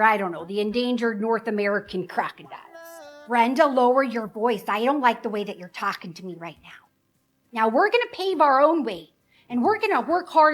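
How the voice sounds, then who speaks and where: A woman's voice: fairly high pitch, lightly acted. A woman doing an indignant folksy wife on the phone. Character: chatty middle-aged wife arguing on a long-distance call.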